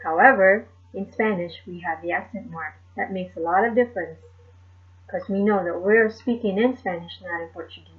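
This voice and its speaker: A woman teaching a language lesson slowly and carefully, repeating each word for learners. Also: mid-range voice. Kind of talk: slow explanatory lesson. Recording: dull lo-fi sound.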